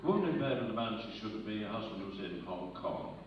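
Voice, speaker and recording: Rambling comedian in an echoey hall. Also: male voice, lowish voice, lively intonation, a little fast, slight background noise. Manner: rambling, loses his place, chuckles at his own jokes. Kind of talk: live stand-up joke telling. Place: live arts centre stage with audience. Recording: echoey, muffled hall recording from far off.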